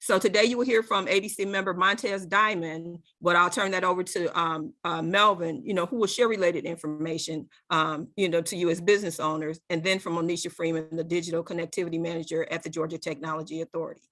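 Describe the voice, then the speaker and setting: Woman moderator, lower pitch, bright forward tone, deliberate delivery. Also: fairly even intonation. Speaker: panel moderator. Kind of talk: prepared remarks at a virtual session.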